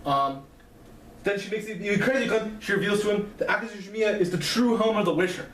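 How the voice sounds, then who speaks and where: An author casually recaps the plot of his own novel in a lecture-style talk, full of ums and restarts. His voice is high-pitched, a bit bright and a little fast. The mic is distant in a roomy space, with faint noise.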